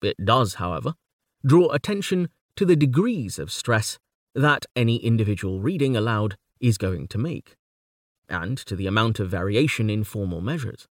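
A man narrates a scripted lesson in a measured, exact manner, and his pitch rises and falls a great deal. The sound is dry and close, with no room around it. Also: expressive, dry recording. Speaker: lecturer on poetry.

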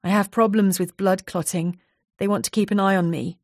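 A woman's voice: mid-range voice, fairly even intonation, moderate pace, no room sound, clean studio sound, lightly acted. A woman voicing a distressed young woman who speaks in a raised, insistent, emotional way.

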